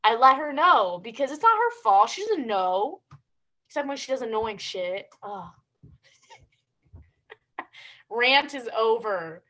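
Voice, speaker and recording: A young woman co-hosting a podcast, telling stories and ranting in a casual, animated way, with lots of "like". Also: on the high side, slow pace, pauses often. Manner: animated storytelling, ranting, heavy use of "like". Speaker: podcast co-host. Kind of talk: casual chat.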